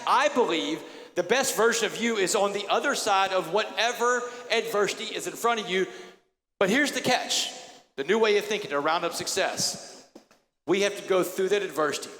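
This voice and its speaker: A man delivering an emphatic, story-driven motivational keynote in a notably high voice. His voice booms through a large hall with a long, ringing reverb. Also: bright, forceful tone. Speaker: keynote speaker. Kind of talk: motivational speech. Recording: echoey hall.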